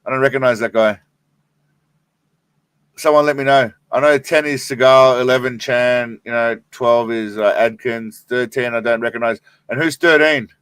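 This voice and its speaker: A man's voice: mid-range voice, fairly even intonation, moderate pace, a bit bright, clear, resonant tone, dry recording. An Australian man hosting a live stream, rambling and swearing in a laid-back way while stoned. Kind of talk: casual live stream chat.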